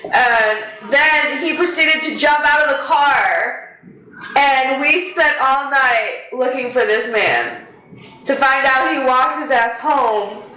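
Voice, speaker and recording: A young woman casually telling a story on a podcast, animated, swearing often and laughing. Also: high voice, slow pace, reverberant, poor audio. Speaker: podcast co-host.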